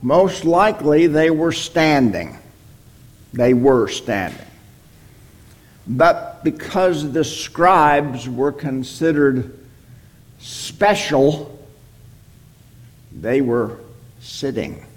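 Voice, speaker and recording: A man's voice: on the high side, animated. A man teaching a Bible study, explaining a passage verse by verse and often checking in with "okay?". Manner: slow, deliberate, checks in with "okay?".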